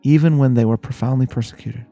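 A man, a rabbi, delivering a measured sermon-style lecture and reading quotations with dramatic emphasis. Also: medium pitch, dark tone, soft background music.

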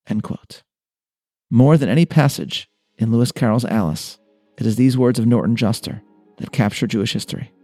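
Gravelly man reading earnest narration. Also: mid-range voice, dark tone. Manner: measured, earnest reading of quoted passages. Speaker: host. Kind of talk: scripted narration reading quotations.

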